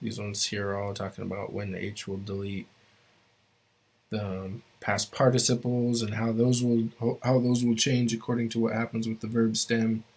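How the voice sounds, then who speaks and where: Male language teacher, low-pitched and even-toned, halting delivery, walks students through grammar rules. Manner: halting, stops often to restart phrases; explains rules step by step to students. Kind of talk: classroom grammar lesson.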